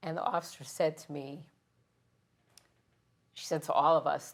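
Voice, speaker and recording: A middle-aged woman firefighter from New York, recounting her memories in an earnest, emotional, halting way during an interview. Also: low voice, level tone. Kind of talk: interview, personal recollection.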